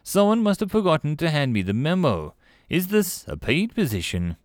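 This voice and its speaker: Dude doing a snarky young space woman, pitched way up, bouncy, dry close sound. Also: very animated, normal speed, no echo. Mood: wry. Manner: sardonic, incredulous. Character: wry, skeptical young human woman spacer. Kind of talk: audiobook character voice.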